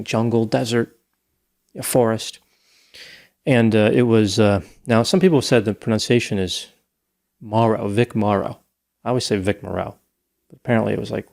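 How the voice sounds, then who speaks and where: A man's voice: medium pitch, gravelly, darkish tone. A man hosting a casual true-crime discussion, telling a case story at length. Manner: storytelling, recounting details at length. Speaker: podcast host.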